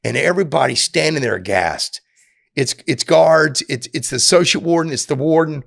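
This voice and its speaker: Gravelly middle-aged man telling a story. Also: fairly high pitch, moderate pace, dry recording, clean studio sound. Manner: animated, acts out quoted voices, repeats and restarts often. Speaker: podcast guest telling his prison story. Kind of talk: casual storytelling.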